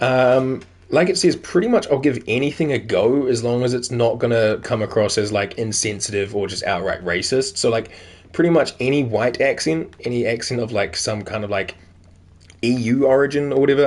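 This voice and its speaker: A man's voice: mid-range voice, fairly quick. Rambling man streaming a game. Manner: rambling, heavy use of "like" and "um". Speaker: streamer playing a video game. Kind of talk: casual live-stream commentary, reading in-game notes aloud.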